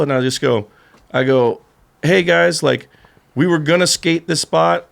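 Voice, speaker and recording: A man's voice: on the high side, brisk, vocal fry. A man telling a story on a podcast, acting out the voices and laughing as he goes. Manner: animated storyteller, acts out voices, laughs through. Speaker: podcast guest, skateboarder. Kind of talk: casual storytelling chat.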